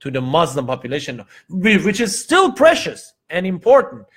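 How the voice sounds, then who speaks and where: A man from Iran hosting a casual live show, telling stories in an animated way and acting out quotes. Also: fairly high pitch, moderate pace. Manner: animated storytelling, acts out quotes, frequent fillers. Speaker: host.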